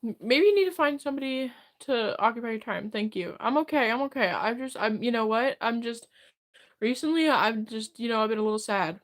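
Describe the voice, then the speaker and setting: A woman streamer with a slightly high voice talks through her chat while close to tears. She speaks haltingly and rambles, stopping and restarting as she runs herself down. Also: lively intonation. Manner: halting, rambling, self-deprecating. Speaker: livestreamer. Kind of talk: live chat reading and reply.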